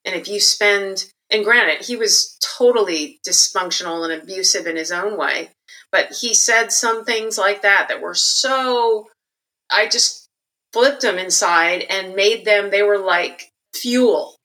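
A middle-aged woman telling her life story candidly and reflectively, growing animated when she quotes others. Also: medium pitch, unhurried, low-quality recording. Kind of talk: personal storytelling interview.

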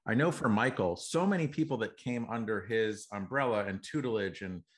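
Male host, low-ish voice, earnest and reflective, backs up his guest in conversation. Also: brisk. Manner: reflective, earnest, adds supportive comments. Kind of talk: casual interview conversation.

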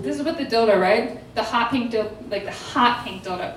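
High-voiced dramatic woman telling a story. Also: fairly quick, distant mic, soft background music. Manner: animated, dramatic, laughing asides, acts out quotes. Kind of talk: casual storytelling. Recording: echoey room, voice off-mic.

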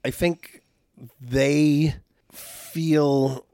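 Relaxed, musing man in his fifties. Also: a little high, extremely slow, no room sound, clean studio sound. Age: 50s. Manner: relaxed, musing, many fillers. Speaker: podcast co-host, stand-up comedian. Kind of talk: casual movie review chat.

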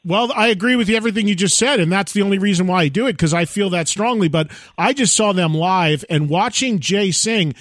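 A man with a notably high speaking voice hosts an interview. He stresses his points emphatically and praises his guest at length. The sound is dry and close, with no room around it. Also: fairly quick, hardly any pauses, a bit bright, no echo. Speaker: radio show host. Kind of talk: interview questions and chat.

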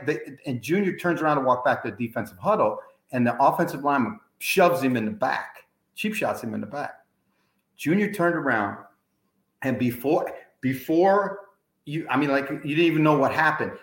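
A man hosting a casual sports interview, an animated storyteller who swears his stories are true. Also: mid-range voice. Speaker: podcast host. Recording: roomy echo.

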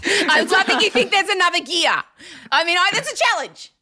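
A woman chatting on a podcast, her pitch swinging up and down as she jokes. Her voice is bright and sharp, and she talks with animated energy, often dropping into mock voices for a laugh. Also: moderate pace, a little hiss or hum. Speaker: podcast co-host. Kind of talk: casual chat.

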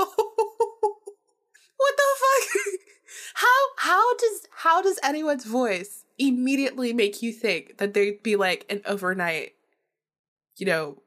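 A young woman hosting a podcast, telling a story in a chatty, breathy voice, laughing often and swearing casually. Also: on the high side. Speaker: podcast host.

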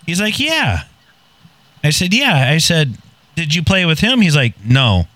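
A man's voice: fairly high pitch, very animated, moderate pace, a bit bright, dry recording. A man casually telling a long anecdote, blunt and profane and poking fun at himself. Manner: blunt, profane, self-mocking. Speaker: podcast guest telling a story. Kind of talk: casual storytelling.

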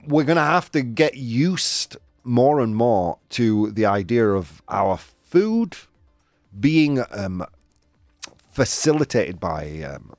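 Yorkshire male host, animated pitch, jokey with live chat, light music underneath. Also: no echo, studio quality. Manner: playful, laughing, teasing the chat. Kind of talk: live-stream game show chat.

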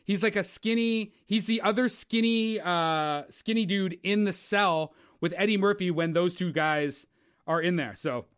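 A man's voice: sits high, unhurried, a bit bright, clean tone. A man co-hosting a casual movie podcast, rambling and cursing, often restarting his sentences. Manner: rambling, swears a lot, stumbles and restarts. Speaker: podcast co-host.

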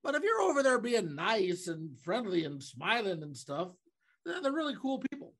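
A man's voice: high voice, very animated, normal speed, fairly bright tone. A man from Omaha co-hosting a podcast, chatting casually with an old friend and teasing him in easy banter. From Omaha, Nebraska. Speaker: podcast co-host. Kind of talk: casual chat.

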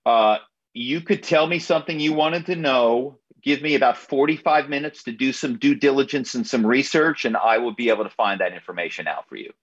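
Husky-voiced man in a radio interview. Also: medium pitch, lo-fi sound. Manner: halting, repeats words when starting. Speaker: author and guest.

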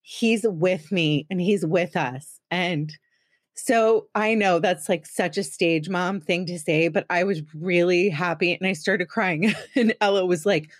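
Woman, podcast host, slightly low pitch, dry close sound, chatty, teasing. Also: unhurried, no room sound. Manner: chatty, self-deprecating, teasing. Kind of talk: casual chat.

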